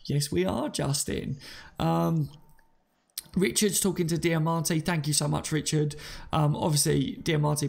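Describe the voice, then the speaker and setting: Gravelly chatty man hosting. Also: fairly high pitch. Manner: chatty and matey, calls listeners mate and buddy. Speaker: host of a live fan stream. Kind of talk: casual live-stream chat, reading out viewer comments.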